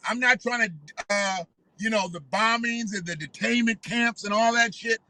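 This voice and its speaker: Brief: a high-voiced male commentator, heated and profane, sharp tone. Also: normal speed, dry recording, rough recording. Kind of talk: ranting commentary.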